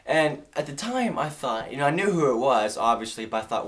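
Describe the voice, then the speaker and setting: A man's voice: mid-range voice, lively intonation, brisk, few pauses, a bit bright. A man in his room telling a funny story in a chatty way, restarting his sentences as he goes. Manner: chatty, restarts sentences, acts out the other voices. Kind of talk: casual storytelling.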